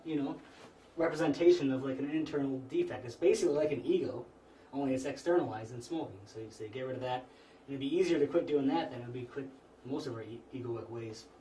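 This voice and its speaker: A man giving an informal spiritual lecture to a small group, talking conversationally with frequent restarts. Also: medium pitch. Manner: relaxed, conversational, frequent restarts and "you know". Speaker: class instructor. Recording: echoey room, mic far off, faint noise.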